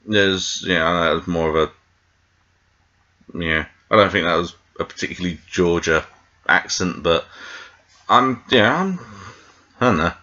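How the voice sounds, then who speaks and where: Rambling British man, slow and muffled. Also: low-pitched, lively intonation, sharp tone. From Britain. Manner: meandering, full of tangents and fillers. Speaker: TV show reviewer. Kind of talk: rambling casual review.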